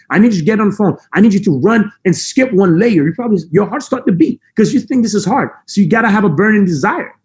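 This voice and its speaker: Male motivational speaker, high voice, accented English, intense and emphatic. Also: darkish tone. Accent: non-native English. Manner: intense, emphatic, fast-talking. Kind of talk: high-energy motivational talk. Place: room with a camera.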